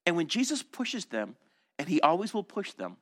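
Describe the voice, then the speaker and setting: A man's voice: sits high, wildly swooping pitch, moderate pace, a bit bright. A man preaching a sermon as a pastor, telling the story animatedly and acting out the voices of crowds and disciples.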